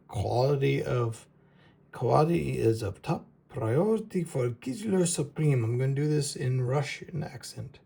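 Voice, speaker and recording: A man hosting a casual knife review, talking in a halting, rambling way and tripping over names. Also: medium pitch, creaky, a little mellow. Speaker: knife reviewer, show host.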